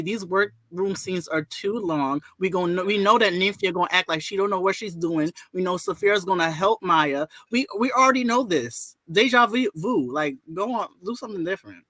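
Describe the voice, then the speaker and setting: A man hosting a live reaction stream, chatty and quick to laugh as he talks with his co-hosts. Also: sits high, dry recording. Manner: chatty, laughs often, lively. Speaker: host. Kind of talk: casual live-stream chat.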